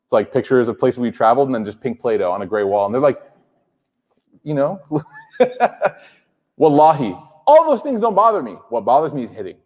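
Guy in his 30s giving a talk, jokey and animated with the crowd, lots of hall echo. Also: medium pitch, normal speed, long pauses. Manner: lively, conversational, joking with the crowd. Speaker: Islamic speaker. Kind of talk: sermon to a live audience. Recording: hall reverb.

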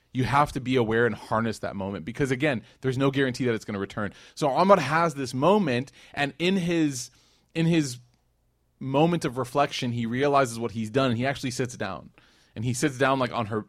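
A man teaching a religious class tells the story conversationally, with plenty of "like" and "you know" along the way. He acts out the quoted lines dramatically. His mid-pitched voice is recorded dry and close. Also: dry recording. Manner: conversational, with many fillers and restarts.

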